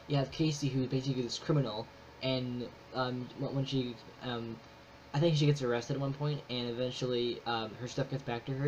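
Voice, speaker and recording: A man's voice: medium pitch, a little mellow. A man casually reviewing a movie, rambling with many fillers and restarts, enthusiastic. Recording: slightly dull with faint noise.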